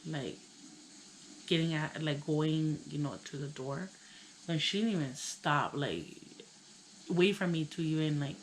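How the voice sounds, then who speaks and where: A young woman with a Chicano English accent, telling a personal story in a casual, halting way, full of "like" and "you know". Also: deep voice, a little hiss or hum, poor audio. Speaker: vlogger.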